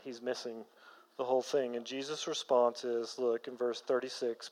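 A man preaching a sermon as pastor, earnest, rising to emphatic peaks and then dropping low. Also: fairly even intonation, moderate pace, in a large hall, low-quality recording.

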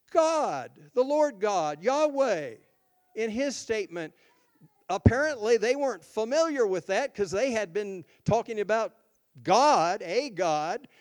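A male pastor preaching a sermon, reading scripture aloud and then explaining it, leaning hard on key words. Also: high-pitched.

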